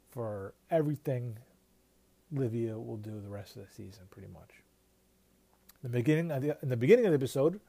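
A man's voice: mid-range voice, dark tone. A man hosting a podcast in a loose, casual commentary style. He swears freely and often restarts his sentences. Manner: loose and profane, with many restarts. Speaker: podcast host.

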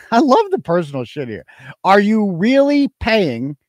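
A man's voice: high voice, huge pitch swings, measured pace, no echo. A man hosting a live stream, reading donations and ranting in a profane, mocking, combative way. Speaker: live show host.

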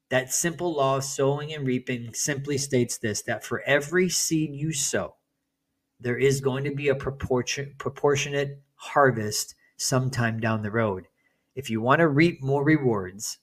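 A man giving an earnest motivational talk to other men, speaking emphatically and sometimes restarting his phrases. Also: medium pitch.

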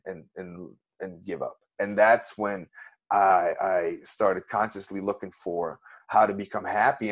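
A man, an interview guest, telling a personal story in an earnest, emotional way with many restarts. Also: lowish voice.

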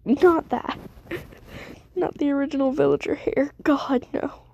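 Gravelly young woman rambling on stream. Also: sits high, steady tone, measured pace, a little mellow, dry recording, muffled recording. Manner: rambling, self-deprecating. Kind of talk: casual gameplay commentary.

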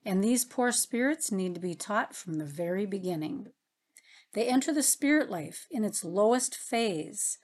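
A woman reading a story aloud as narrator, in a gentle, earnest manner. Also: medium pitch. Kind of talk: audiobook narration.

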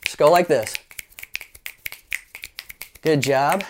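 Animated pastor man preaching. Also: on the high side, very slow, a little hiss or hum. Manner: animated storyteller, playful asides, leads the congregation in actions. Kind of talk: sermon.

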